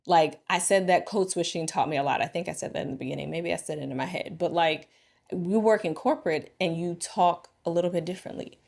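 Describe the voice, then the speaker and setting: A woman vlogger and marriage coach talking casually and reflectively to camera, expressive and thinking aloud. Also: lowish voice, brisk, creaky.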